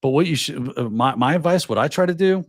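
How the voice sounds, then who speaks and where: A man's voice: on the high side, brisk, no echo, clean studio sound. A man hosting a casual live show, giving advice and acting out little quoted scenes as he talks. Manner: animated, acts out little scenes in quoted voices. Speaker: podcast host.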